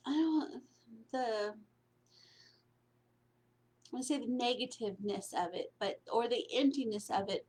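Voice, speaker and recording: A woman's voice: on the high side, normal speed, pauses often, darkish tone. A woman coaching on spiritual prosperity in a casual, meandering talk, repeating her phrases and checking in with "right?".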